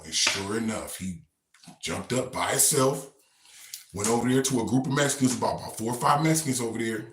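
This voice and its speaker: A man casually telling a story in relaxed slang, rambling and repeating himself. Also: mid-range voice, brisk, echoey room. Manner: laid-back, slangy, rambling.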